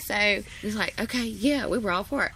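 Folksy woman with a gravelly voice. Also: medium pitch, quick pace, sharp tone, slight background noise. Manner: rambling, folksy, many fillers. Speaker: interviewee. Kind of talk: casual storytelling.

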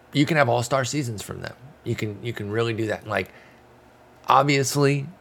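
A man hosting a casual fantasy baseball talk, rambling and correcting himself as he reads out stats. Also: lowish voice. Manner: rambling, self-correcting, frequent fillers. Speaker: fantasy baseball podcast host. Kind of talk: casual analytical chat.

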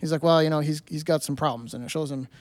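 A man's voice: a little high, steady tone, quick pace, a little mellow, dry recording. A man co-hosting a casual movie podcast, talking in a rambling way with frequent restarts and repeated words. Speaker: podcast co-host.

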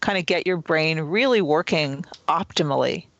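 A man's voice: on the high side, normal speed, a bit bright, dry recording, highs cut off. A man, the author, answering an interview question and patiently explaining self-help skills one step at a time. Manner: earnest, patient, step-by-step teaching. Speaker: author and guest.

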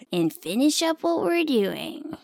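A woman's voice: sits high, gravelly, no echo, studio quality, heavily acted. A woman voicing a spirited young girl who plays guitar in a children's audio drama, upbeat and playful. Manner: upbeat and playful, drawn-out delivery.

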